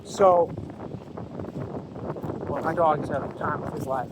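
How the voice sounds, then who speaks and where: A man's voice: on the high side, fairly even intonation, measured pace. A man vlogging while walking his dog in a windy park, talking bluntly with swearing and many restarts. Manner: blunt, profane, rambling with restarts. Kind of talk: casual rambling vlog talk. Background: wind and faint outdoor noise.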